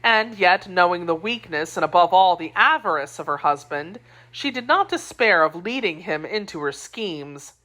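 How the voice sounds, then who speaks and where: A woman narrating a classic novel as an audiobook, with clear, expressive storytelling. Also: lowish voice, normal speed. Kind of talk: scripted narration.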